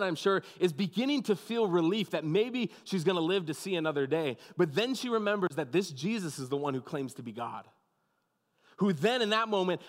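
A pastor giving a sermon, telling the story with dramatic pauses and dropping to a hushed, soft voice. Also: male voice, on the high side, long reverb tail.

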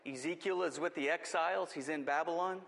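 A man's voice: fairly high pitch, a little fast, gravelly, fairly bright tone, in a large hall. A man preaching a sermon as pastor, with impassioned, rising emphasis.

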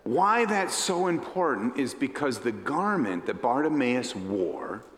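A male pastor telling a story from the pulpit, his pitch rising and falling widely while he takes his time with each phrase. The sound is roomy, with a long reverb trailing off in the hall. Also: unhurried. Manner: dramatic, animated storyteller who acts out characters. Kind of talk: storytelling sermon.

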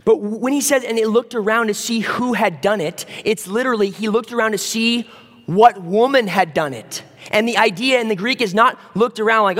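High-voiced man preaching in a reverberant hall. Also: normal speed. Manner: conversational, animated, acts out voices of biblical figures. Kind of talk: sermon.

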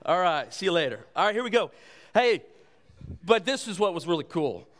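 A man in his thirties or forties, a pastor giving a sermon in a conversational, animated storytelling way. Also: high voice, a little fast.

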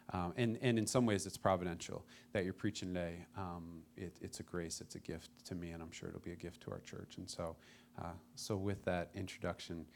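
A man's voice: deep voice, a little hiss or hum. A man, the church's pastor, informally introducing a guest preacher to the congregation. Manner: informal, rambling with fillers. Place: church sanctuary.

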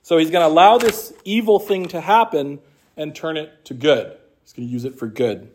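Man, high pitch, Bible class teacher, conversational lecture, reads passages aloud. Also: moderate pace, darkish tone.

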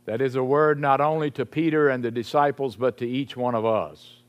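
A man preaching a sermon in a slow, emphatic way, sinking his voice low on key phrases. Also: steady tone. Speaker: pastor.

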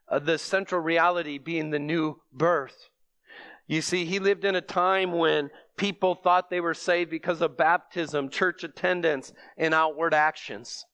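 A man delivers a sermon, earnest and steady, rising into emphatic bursts when he repeats a phrase. His voice sits a little high for a man. The sound is dry and close, with no room around it. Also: clear, resonant tone, no room sound. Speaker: preacher.

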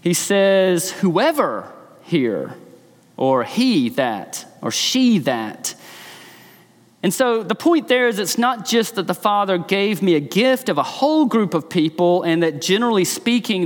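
Man, preacher, high voice, earnest sermon, long hall reverb. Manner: earnest, emphatic, varies pace for stress.

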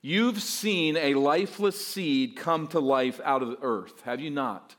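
A man's voice: on the high side, a little slow, a bit bright. Pastor guy going through scripture, emphatic, acts out the doubters. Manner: emphatic, voices mock objections. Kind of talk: expository sermon.

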